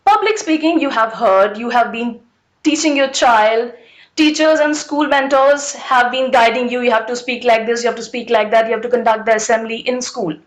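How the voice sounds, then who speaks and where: A woman's voice: on the high side, normal speed. A woman leading an online public speaking workshop, emphatic and repetitive, asking the audience rhetorical questions over a video call.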